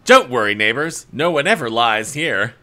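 A man's voice: mid-range voice, lively intonation, normal speed, bright, forceful tone, slight background noise, voice pushed down. A man voicing a scheming male doctor with a wobbly posh accent, often breaking into laughter. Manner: giggly, breaking character, mock-proper.

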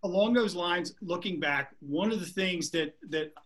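A man's voice: high voice, normal speed, fairly bright tone. A man co-hosting an interview show, mixing questions with dry joking asides. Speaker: show co-host. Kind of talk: casual interview chat.

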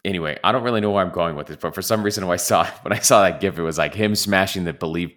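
A man's voice: sits low, quick pace, a bit bright. A man co-hosting a casual podcast, talking in a rambling way with lots of restarts. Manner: rambling, self-interrupting. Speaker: podcast co-host. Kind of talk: casual chat about soccer.

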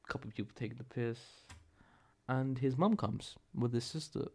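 A man's voice: medium pitch, moderate pace, darkish tone. A young man hosting a podcast, telling a story in a rambling, profane, self-correcting way. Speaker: podcast host. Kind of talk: casual solo podcast storytelling.

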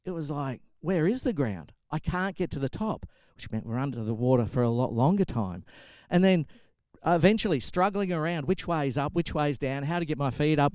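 A man's voice: on the high side, dark tone, no echo. A man preaching a sermon, telling a story and pressing his point with emphatic repetition. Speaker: pastor.

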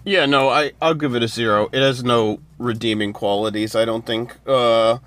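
A man's voice: medium pitch, steady tone, normal speed, a bit bright. A man co-hosting a movie review podcast, rambling casually with lots of "like". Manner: rambling, exasperated, says "like" a lot. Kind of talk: casual chat.

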